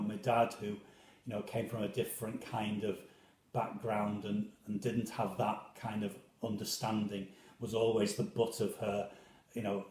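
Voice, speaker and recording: A man's voice: lowish voice, darkish tone. A man who is a parish priest, talking in a chatty, rambling, self-deprecating way with a refined Liverpool accent and many restarts. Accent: soft Liverpool. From England. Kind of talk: casual chat to viewers. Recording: roomy echo.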